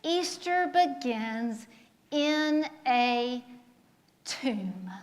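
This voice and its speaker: Slow-preaching woman pastor in a reverberant sanctuary. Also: high voice, expressive. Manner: preaching with call-and-response questions. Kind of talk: sermon. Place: church sanctuary.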